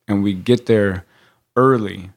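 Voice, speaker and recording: A man's voice: lowish voice, takes it slowly. A young adult man co-hosting a podcast, telling rambling, profane boot camp stories and laughing often. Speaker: podcast co-host. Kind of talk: casual storytelling chat.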